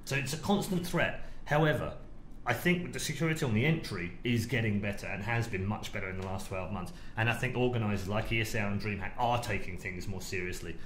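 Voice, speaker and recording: A middle-aged British man co-hosting a podcast, telling a story in a lively way and acting out the quotes. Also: fairly low pitch, fairly quick. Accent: British English. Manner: animated storyteller, acts out quotes. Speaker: podcast co-host, esports broadcaster. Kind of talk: casual podcast chat, storytelling. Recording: roomy echo, faint noise.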